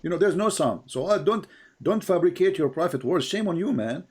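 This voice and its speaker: Male debate host, slightly high voice, combative, mocking, keeps repeating his point. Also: animated, a little fast, breathy edge. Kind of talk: heated live debate.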